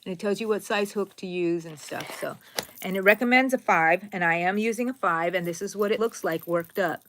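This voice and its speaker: A woman's voice: mid-range voice, a little fast, fairly bright tone, a little hiss or hum. Chatty middle-aged woman hosting a live stream. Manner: chatty and rambling, greets viewers by name; tender and sentimental. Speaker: crochet channel host. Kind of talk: casual live-stream chat while crocheting.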